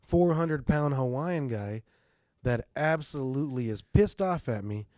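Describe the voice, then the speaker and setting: A middle-aged man casually telling a story on a podcast, animated and swearing, often asking "you know what I mean". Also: medium pitch, a little slow, dry recording, clean studio sound. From Mexican heritage. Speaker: podcast host.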